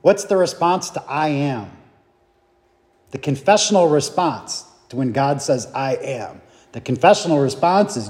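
A man leading a Bible study, reading scripture aloud and explaining it in a deliberate way with restarts and fillers. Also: on the high side, a little mellow. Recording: long reverb from a hall.

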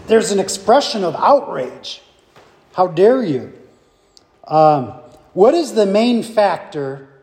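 A man teaching a Bible study class in a slow, halting way, with many fillers and restarts. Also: sits high, a little mellow, in a large hall.

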